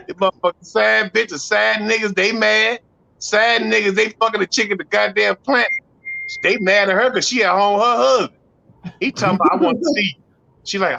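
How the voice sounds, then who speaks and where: A man doing a profane stand-up routine in a comedy club, loud and rowdy, slipping into acted-out voices. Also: high voice, gravelly, dry recording, muffled recording.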